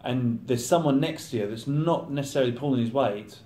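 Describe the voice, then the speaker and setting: A man's voice: medium pitch, fairly quick, mellow. A thirty-year-old man, a professional footballer, chatting casually in an interview and acting out his teammates' banter. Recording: roomy echo.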